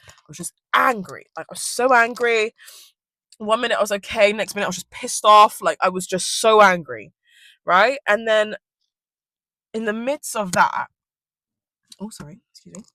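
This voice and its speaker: A woman's voice: mid-range voice, normal speed, long pauses, pushed and bright, no room sound. Young girl ranting storytime style in her car, lots of like and swearing, dry close sound. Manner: rambling, swears freely, fillers like "like". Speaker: vlogger. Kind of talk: casual storytime chat.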